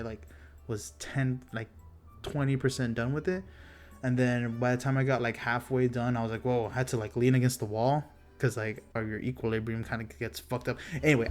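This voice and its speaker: A man's voice: mid-range voice, darkish tone. Rambling, profane young man from Texas. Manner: rambling, profane, self-mocking. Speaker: vlogger. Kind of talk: casual storytime.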